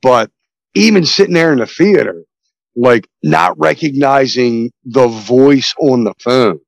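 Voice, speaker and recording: A male podcast host in loose movie talk, rambling and excitable, cursing freely. His voice sits at an ordinary pitch, and the sound is dry and close. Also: measured pace, creaky, no echo, low-quality recording. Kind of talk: casual movie podcast chat.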